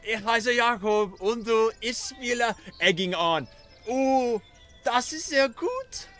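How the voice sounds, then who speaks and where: A man voicing a silly, excitable little German boy in a mock German accent, speaking in halting, broken phrases. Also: very high voice, voice pushed up, exaggerated voice. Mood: goofy. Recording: game music behind.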